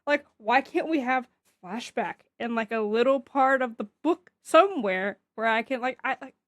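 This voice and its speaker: A woman's voice: a little high, moderate pace, no echo, studio quality. A woman co-hosting a comics podcast, speaking casually and emphatically and laughing often. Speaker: podcast co-host.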